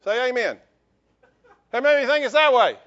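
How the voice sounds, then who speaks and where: A male pastor delivering a lively sermon in church, joking with the congregation and calling for amens. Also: extremely high pitch, fairly quick, dull audio.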